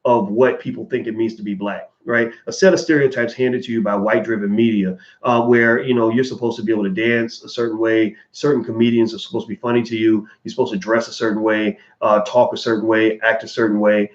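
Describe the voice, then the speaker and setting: A man's voice: lowish voice, level tone, brisk, hardly any pauses. Earnest man on a roomy, dull stream. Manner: earnest and candid, with frequent fillers and restarts. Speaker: channel host answering viewer donations. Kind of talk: casual livestream commentary.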